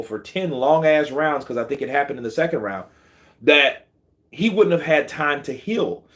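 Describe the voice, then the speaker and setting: A man hosts casual boxing commentary in a bright, sharp voice. He talks slangy and animated and answers viewer comments as he goes. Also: mid-range voice. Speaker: boxing channel host.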